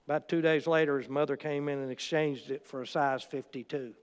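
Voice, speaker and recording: A man's voice: on the high side, fairly even intonation, a little fast, clear, resonant tone, long reverb tail. A man preaching a sermon, telling stories and quoting in a storytelling manner. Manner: storytelling with quotes and asides.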